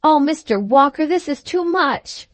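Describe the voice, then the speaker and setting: A woman's voice: on the high side, expressive, moderate pace, no room sound, lightly acted. A woman playing a sly, fawning whining servant. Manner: whining, sly, over-effusive. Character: sly, fawning male servant who fakes tears.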